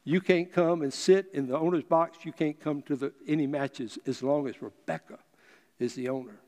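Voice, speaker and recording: A man's voice: fairly high pitch, moderate pace, a little mellow, lightly acted. A man doing a smug scheming tycoon. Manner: smug, taunting. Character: smug, scheming rich British businessman. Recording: long reverb of a large hall.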